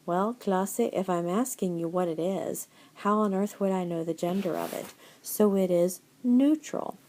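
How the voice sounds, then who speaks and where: A woman teaching a Spanish class in a recorded slideshow lecture, encouraging, dropping in Spanish words and reading answer lists slowly. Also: lowish voice, darkish tone, slight background noise. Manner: encouraging, switches between English and Spanish phrases.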